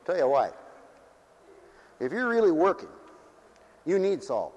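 A man's voice: fairly high pitch, very animated, measured pace, a little mellow, dull audio. A man pastor preaching a sermon in a mission church hall, folksy and joking, and he swings up into fervent hallelujahs.

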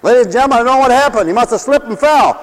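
A man's voice: extremely high pitch, very fast, heavy background noise. A man preaching a humorous sermon in a theatrical way, laughing at his own jokes, in a hall with long reverb.

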